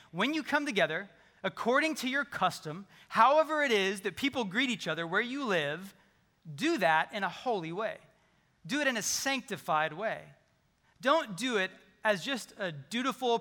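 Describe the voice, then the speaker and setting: A pastor preaches in a lively, conversational way, joking with his congregation. His voice is high and bright. The sound carries the long reverb of a large sanctuary. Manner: animated, conversational preaching with humor. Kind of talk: sermon.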